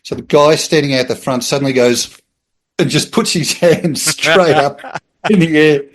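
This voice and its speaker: Lively Australian man telling a story. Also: fairly high pitch, normal speed. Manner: lively storyteller who acts out voices and laughs mid-sentence. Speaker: guest, former police officer. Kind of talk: casual storytelling anecdote.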